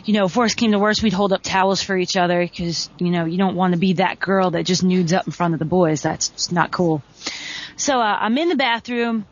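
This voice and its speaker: A woman in her thirties, a wrestler, telling stories in a chatty, animated way as an interview guest. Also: mid-range voice. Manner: chatty, animated, lots of "like" fillers. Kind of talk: casual storytelling over a call. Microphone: phone. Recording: dull lo-fi phone-line audio.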